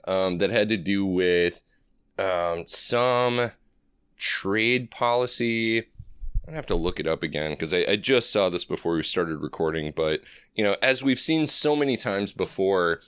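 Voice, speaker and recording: Podcast host, man, low voice, dry close sound, casual political chat, laughs a lot. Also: fairly bright tone, clean tone, no echo. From Iowa. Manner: laughing often, loose and joking.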